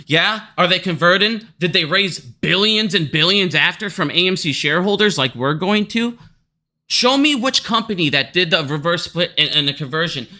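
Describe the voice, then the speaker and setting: A man's voice: sits high, sharp tone. A man ranting angrily about stocks in a vlog, swearing constantly and arguing hard with his critics. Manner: profane, heated and combative. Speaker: stock market commentator.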